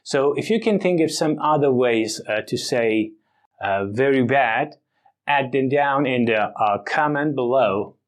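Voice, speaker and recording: A man teaching an English vocabulary lesson, speaking deliberately and exaggerating the stress on words for emphasis. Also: mid-range voice, expressive.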